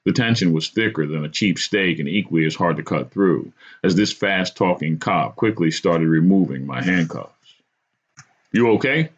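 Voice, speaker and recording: A man's voice: deep voice, moderate pace, few pauses. A man hosting a podcast, telling a true story from his own life in a dramatic first-person style. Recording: dull lo-fi recording.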